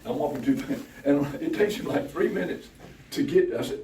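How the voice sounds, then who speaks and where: A man telling casual stories in an animated, profane way, acting out other people. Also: moderate pace. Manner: animated, profane, acts out other people's voices with big pitch jumps and laughter. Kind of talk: casual anecdotal storytelling. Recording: slightly distant mic with faint room noise.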